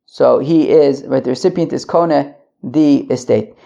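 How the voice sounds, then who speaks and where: A man's voice: mid-range voice, gravelly, mellow. Guy pacing around going through talmud lines, stop-start, muffled recording. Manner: halting, many restarts and fillers, Yiddish-flavored study terms. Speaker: Talmud teacher. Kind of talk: daily Talmud lesson, translating line by line. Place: pacing at the edge of a wedding hall.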